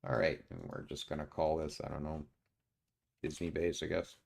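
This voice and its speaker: A man streaming a strategy game, muttering his moves to himself and often pausing with uhs. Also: a bass voice, fairly even intonation, vocal fry, darkish tone. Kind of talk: casual let's-play commentary.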